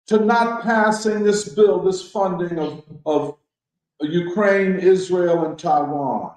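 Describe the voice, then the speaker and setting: Slow, emphatic man in an echoey room. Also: high voice, a little mellow. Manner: emphatic, rhetorical questions, preacherly. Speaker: discussion leader. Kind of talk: political discussion talk.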